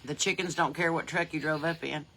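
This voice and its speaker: A woman with a Southern American accent hosting a podcast, chatting folksy and loose from her porch into a phone, laughing often and swinging between loud and soft. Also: low-pitched, steady tone, brisk. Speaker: podcast host. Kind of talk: casual livestream chat. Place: outdoors on a porch. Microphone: phone on a holder.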